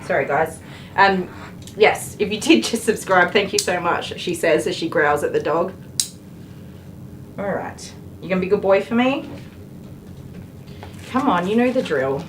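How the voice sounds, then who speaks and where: A woman dog groomer on a live stream, firmly telling a dog to stop and then calmly explaining her work to viewers. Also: lowish voice, unhurried, pauses often. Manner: firm commands to dog, then calm explaining. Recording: noisy grooming room with clipper buzz.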